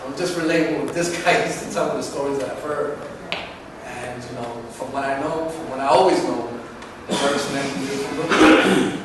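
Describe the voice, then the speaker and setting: A man, telling stories in a casual interview in an animated, rambling way with many restarts. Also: mid-range voice, a little fast. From Manhattan, New York. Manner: animated, acts out quoted voices, rambling restarts. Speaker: dancer being interviewed. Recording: echoey, distant and noisy.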